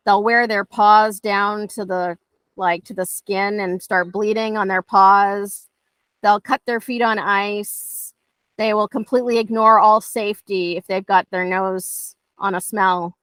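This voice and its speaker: A woman's voice: medium pitch, fairly even intonation, measured pace, fairly bright tone, smooth, no echo. A woman dog trainer teaching conversationally, telling stories and acting out dialogue in playful voices.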